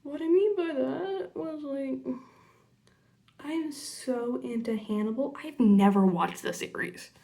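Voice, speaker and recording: A young woman chatting casually through a makeup tutorial, rambling into side stories and muttering quietly while she works. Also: sits high, unhurried. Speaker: makeup vlogger.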